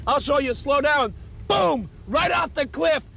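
Chatty New York cabbie, New York accent, giggly, rambling, very high voice, faint street noise. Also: male voice, measured pace, gravelly, full character voice. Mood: rambling excited. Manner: rambling, giggly, excitable storytelling. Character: eccentric talkative male New York cab driver. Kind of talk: comedic monologue for a TV promo.

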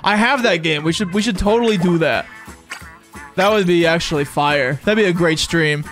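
A streamer chatting casually during a live gaming session, excitable and rambling, often stammering and repeating words. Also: high voice.

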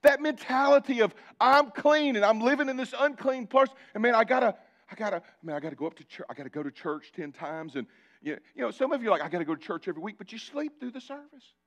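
A male pastor preaching a sermon, building repeated phrases and dropping into quiet asides. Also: expressive, quick pace, lo-fi sound. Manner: preaching with sudden drops to a low conversational aside.

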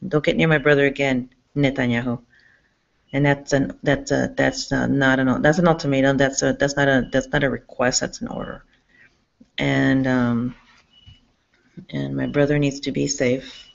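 A woman's voice: a bass voice, little pitch movement, normal speed, gravelly. A woman talking to her camera in a rambling, agitated monologue, swearing often and restarting her sentences, recorded indoors in a public campus building. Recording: dull lo-fi sound.

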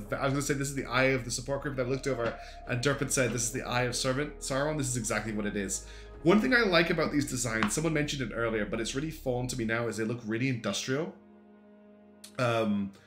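A chatty man hosting a casual livestream, thinking out loud and often restarting his sentences. His voice sits at an ordinary pitch and sounds roomy, with faint guitar music playing underneath. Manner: chatty, thinks aloud with many ums and restarts. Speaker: streamer reviewing community game designs.

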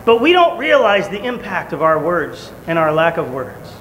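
Animated high-voiced man preaching. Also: moderate pace. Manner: animated storytelling, shouting in acted quotes. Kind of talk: sermon. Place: church. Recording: echoey church hall, faint room noise.

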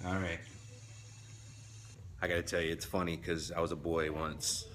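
A man's voice: low voice, flat delivery, normal speed, noisy background. A man talking casually to camera as a family vlogger and father, laid-back and slangy, calling his viewers family. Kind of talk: casual vlog talk to camera.

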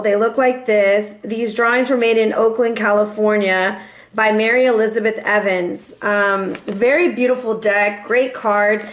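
A chatty woman reads tarot in a playful, easygoing way, her voice sitting a little high. The room is echoey, with a faint hiss behind her. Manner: chatty and playful, sings and meows in bursts. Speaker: tarot reader. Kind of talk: casual tarot reading.

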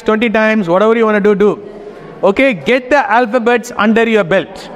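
A man's voice: sits high, big-room sound. A man teaching a Greek class, giving instructions and often checking in with his students. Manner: instructive, keeps checking in with "okay?". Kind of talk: classroom lesson.

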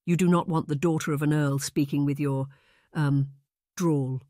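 A man voicing a proper young aristocrat in an audiobook, speaking in a measured, formal, lecturing way. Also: a little high, steady tone, warm tone, no room sound, clean studio sound, lightly acted. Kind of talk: audiobook narration.

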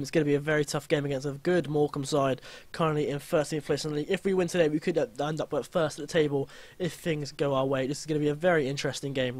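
A young man giving lively, blunt gameplay commentary, grumbling and swearing at his team. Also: on the high side.

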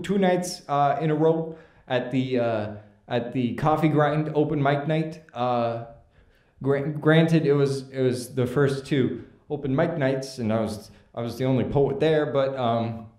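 A man acts out a sheepish young slam poet who mumbles and restarts his sentences constantly. The voice is slow and halting. The room adds a noticeable echo. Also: a little high, darkish tone. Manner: mumbling, hesitant, full of fillers and restarts. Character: nervous awkward young male slam poet. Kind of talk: comic character monologue.

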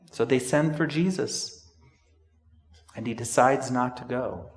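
A man's voice: mid-range voice, slow, pauses often. A man preaching a sermon in a church, telling a story and breaking into sudden emphatic outbursts. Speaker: pastor. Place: church sanctuary. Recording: echoey church hall from a distance.

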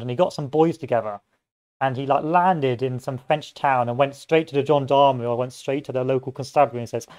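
A man's voice: mid-range voice, quick pace, darkish tone. A man giving casual gameplay commentary, rambling off into history tangents and joking asides. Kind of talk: casual let's-play commentary.

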